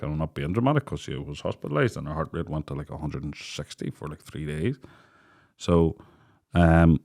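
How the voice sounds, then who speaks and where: A man in his late thirties with a Northern Irish accent, hosting a podcast and telling crude stories with lots of laughter. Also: deep voice. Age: late 30s. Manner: laughing storyteller, crude jokes, lively. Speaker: podcast host. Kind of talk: casual chat.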